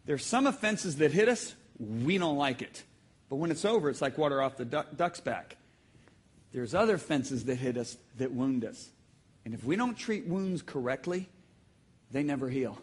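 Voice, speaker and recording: A man preaching a sermon to a congregation, telling stories with sudden shouts and emphatic, drawn-out phrases. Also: medium pitch, expressive, slightly rough. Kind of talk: sermon with audience call-and-response. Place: church hall with live congregation.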